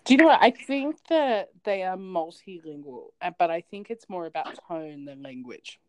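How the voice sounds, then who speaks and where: A woman's voice: fairly low pitch, animated, moderate pace, dry recording, low-quality recording. A woman co-hosting a podcast in casual chat, telling stories animatedly and laughing often. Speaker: podcast co-host.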